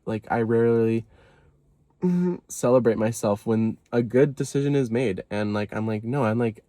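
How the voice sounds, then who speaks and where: A man's voice: medium pitch, warm tone, no echo. Rambling, self-deprecating man vlogging. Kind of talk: casual confessional vlog.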